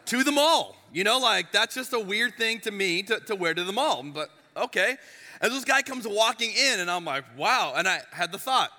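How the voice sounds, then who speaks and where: Male pastor, conversational sermon delivery, very bright tone, big reverberant church hall. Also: high-pitched, normal speed. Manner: animated, chatty, with frequent restarts and asides. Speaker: lead pastor. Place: church sanctuary. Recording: long reverb of a large hall.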